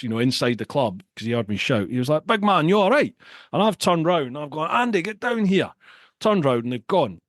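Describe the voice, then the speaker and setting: Brief: middle-aged man, podcast host, animated casual storyteller, close dry mic. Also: mid-range voice, no room sound. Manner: animated, repeats words.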